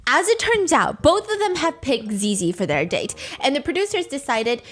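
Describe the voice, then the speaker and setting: Woman, podcast host, slightly high voice, casual storytime, animated, sarcastic. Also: moderate pace, few pauses, soft background music.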